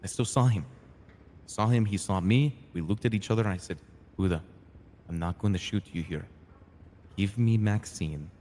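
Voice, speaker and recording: A man's voice: on the low side, moderate pace, pauses often, big-room sound, slight background noise, lightly acted. A man playing a hot-tempered crew boss. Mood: earnest. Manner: animated retelling, acts out quoted lines, swears freely. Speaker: roleplay character telling his side. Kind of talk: in-character storytelling in a roleplay game.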